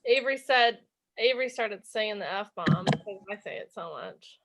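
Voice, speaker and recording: A mother on a group video call telling funny stories with animated, acted-out quotes. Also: mid-range voice, normal speed, noisy background. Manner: animated storyteller, acts out quotes. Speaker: team member on a group call. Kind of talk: casual chat on a video call.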